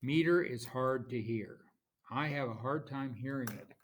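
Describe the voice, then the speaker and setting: A man teaching a class, explaining terms slowly and reading out examples with marked stress. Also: medium pitch, a little hiss or hum. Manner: slow, explanatory, reads examples aloud with stress. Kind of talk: classroom lecture.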